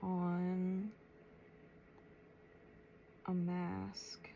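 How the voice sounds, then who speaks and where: Slow, soft-spoken woman tarot reader. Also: on the low side, monotone, creaky, a little hiss or hum. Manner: pauses often, thinks aloud, soft and unhurried. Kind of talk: slow, reflective spiritual channeling.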